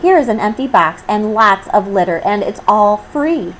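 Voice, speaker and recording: A chirpy, earnest young maid from a storybook, as a woman reading aloud puts her on, her voice jumping high with every wide-eyed line. She swoops up and down with eager, innocent cheer, over a faint background hiss. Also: expressive, normal speed, close to an everyday voice, poor audio.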